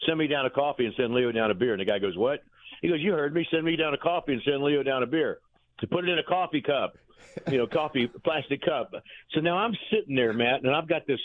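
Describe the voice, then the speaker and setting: A man, a former pitching coach, telling folksy, rambling anecdotes in an interview, chuckling as he goes. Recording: tinny phone line.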